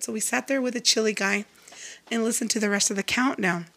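A woman from Texas, a singer and guest, telling a story in a casual interview, earnest and animated, restarting her sentences and quoting others in a raised voice. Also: fairly high pitch, fairly quick. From Lubbock, Texas.

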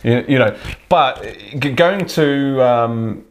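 A man in casual podcast chat, his voice a touch hoarse. He talks in a halting way, restarting sentences and laughing between thoughts, at an ordinary middle pitch. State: slightly hoarse throat. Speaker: podcast co-host.

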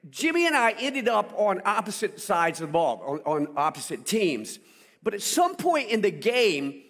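High-voiced animated male preacher. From South Carolina, US. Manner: animated storytelling with call-and-response. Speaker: pastor. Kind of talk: sermon. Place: church.

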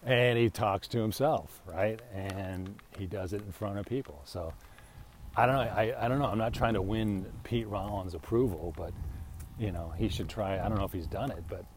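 Deep-voiced man rambling on a walk. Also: normal speed. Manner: chatty, meandering, self-interrupting with restarts. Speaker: podcast host. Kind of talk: casual rambling monologue. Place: outdoors, walking a dog in a residential neighbourhood. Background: pool pump noise.

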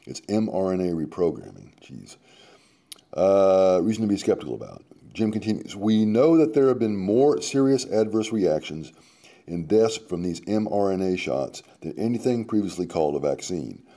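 Between quoted passages of a column he reads on air, a radio host adds sarcastic asides, his delivery dramatic and moving from emphatic to muttered. He sounds very animated at a moderate pace, his voice low and warm.

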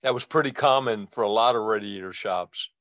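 Older male host with a low voice adding trade facts, recorded dull and dry. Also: brisk, a bit bright, dry recording. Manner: chiming in with industry facts. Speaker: podcast host. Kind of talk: casual interview chat.

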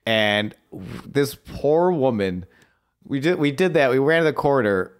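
Lively, animated male podcast co-host. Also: medium pitch, unhurried, smooth. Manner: animated storyteller, swears casually. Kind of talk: casual chat and match recap.

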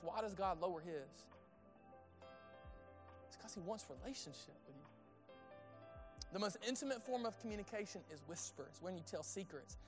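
A man preaching a sermon in a conversational way, asking the audience questions and dropping to a hushed tone on intimate points. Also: sits high. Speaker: pastor.

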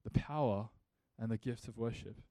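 A man's voice: medium pitch, moderate pace, warm tone, no echo. A male pastor preaching a sermon earnestly, building to emphatic rhetorical questions.

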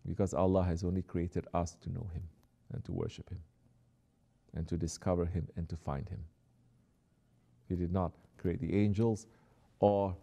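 A man preaching a sermon who exhorts his listeners, drops to soft, quiet asides and then rises to emphatic lines. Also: sits low, creaky.

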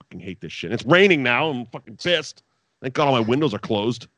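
Casting note: over-caffeinated male podcast co-host, exasperated and sweary, bursts up high when annoyed, dry close sound. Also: sing-song, fairly quick, a bit bright, no echo. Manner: exasperated, sweary, ranting with sudden high outbursts. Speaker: podcast co-host reviewing wrestling. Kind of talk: casual profane rant.

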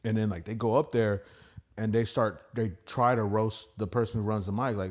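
A man's voice: fairly low pitch, normal speed. Rambling, profane man telling comedy stories. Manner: rambling, profane, restarts and acted-out quotes. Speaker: podcast host and stand-up comic. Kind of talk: casual storytelling chat.

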